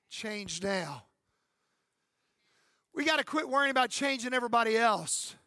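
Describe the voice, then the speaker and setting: A man's voice: very high-pitched, bright, forceful tone, dry recording, studio quality. A man in his fifties, a pastor preaching an emphatic sermon and calling out for amens. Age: 50s. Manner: emphatic preaching with calls for amen.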